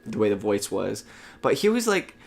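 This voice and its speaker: A man's voice: fairly low pitch, big pitch swings, normal speed, gravelly. Rambling young man telling gaming stories. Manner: rambling storyteller, many restarts, acts out quoted voices. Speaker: podcast co-host. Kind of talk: casual gaming podcast chat.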